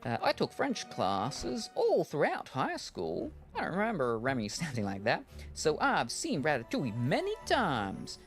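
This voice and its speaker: A woman's voice: low-pitched, wildly swooping pitch, unhurried, few pauses, soft background music. A woman streaming a cozy video game, chatting in a wry, rambling way as she plays. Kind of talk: casual gameplay chat.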